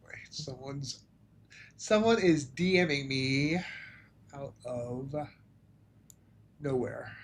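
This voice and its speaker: A man hosting a live trading stream, chatting casually with a jokey, think-out-loud manner. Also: medium pitch, drawn-out words, pauses often. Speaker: trading livestream host.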